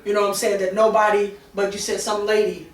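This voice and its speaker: A woman's voice: mid-range voice, little pitch movement, fast talker. Middle-aged woman, talk panelist, heartfelt confessional storytelling, off-mic in a roomy space. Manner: emotional, candid, many fillers and restarts. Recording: roomy sound from a distance.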